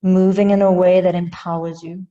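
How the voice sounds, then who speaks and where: A woman teaching a yoga class, giving calm cues with light humor and sounding a little out of breath. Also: lowish voice, normal speed, long reverb tail, highs cut off. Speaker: yoga instructor.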